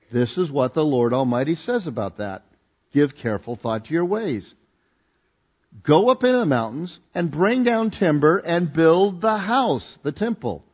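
A man's voice: fairly high pitch, breathy edge, muffled recording. Conversational man preaching a sermon. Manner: conversational, asks the congregation to join in. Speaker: pastor. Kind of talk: sermon, reading and explaining scripture.

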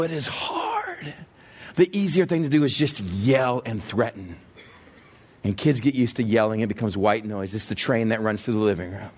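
A man preaching a sermon in an animated way, acting out everyday scenes with humor and asking the audience direct questions. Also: medium pitch. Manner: talks straight to the audience with questions. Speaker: pastor.

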